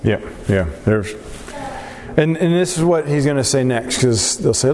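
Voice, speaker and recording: A man's voice: mid-range voice, expressive, a little slow, gravelly, dark tone, big-room sound, a little hiss or hum. A man leading a Bible study group, teaching earnestly and putting questions to the group.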